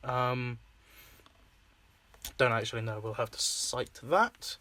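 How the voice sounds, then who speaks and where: A man's voice: mid-range voice, slow pace, bright, forceful tone, no echo. A young Scottish man hosting a casual chat, rambling with fillers, swearing and laughing often. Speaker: podcast host and filmmaker.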